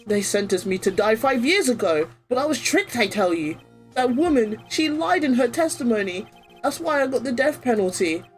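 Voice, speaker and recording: A woman's voice: on the high side, expressive, normal speed, faint music behind, voice pushed up, lightly acted. A woman voicing a jittery young male death-row escapee who stammers and keeps apologizing. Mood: pleading. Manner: stammering, pleading, over-apologetic.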